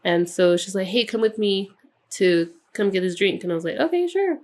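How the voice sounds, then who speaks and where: Young woman telling a lively story. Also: on the low side, normal speed. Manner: animated, swears freely, acts out quoted voices. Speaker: podcast co-host. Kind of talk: casual storytelling chat.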